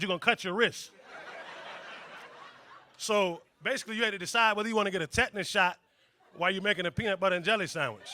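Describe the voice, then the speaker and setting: Stand-up comic, man, high and bright, animated, playing characters on a club stage. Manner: loud, animated, acts out characters. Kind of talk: stand-up comedy set. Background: audience laughter.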